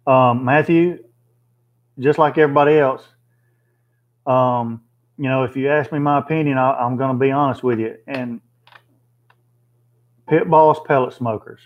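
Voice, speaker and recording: This livestream host has a mid-range voice, heard through a muffled recording. He chats plainly and casually with viewers, reading their comments and thinking out loud with fillers.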